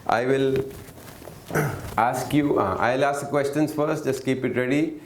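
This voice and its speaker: A man's voice: mid-range voice, unhurried, a little hiss or hum. A man teaching an interactive lesson, often asking the audience questions and waiting for replies. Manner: questioning, coaxing the audience to answer. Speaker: workshop teacher. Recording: echoey room.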